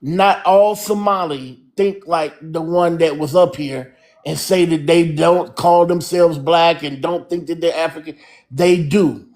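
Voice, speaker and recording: A man's voice: a little high, fairly even intonation, unhurried, a little mellow. A man hosting a live-stream panel, talking earnestly and rambling through his points.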